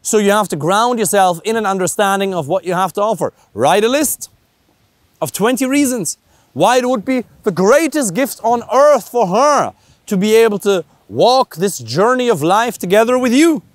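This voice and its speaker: A man's voice: high-pitched, animated, normal speed, no echo. A man with a German accent, a dating coach giving a blunt, emphatic talk to camera, full of rhetorical questions. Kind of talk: direct-to-camera coaching monologue.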